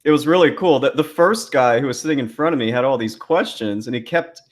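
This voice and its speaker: A man's voice: mid-range voice, fast. A male podcast co-host in casual chat, laid-back and laughing often between fillers.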